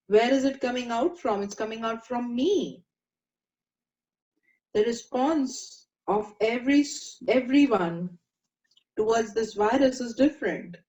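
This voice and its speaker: A woman teaching a meditation class, gentle and coaxing, asking the group questions. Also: fairly high pitch. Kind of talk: spiritual class talk. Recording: dull lo-fi sound in an echoey room.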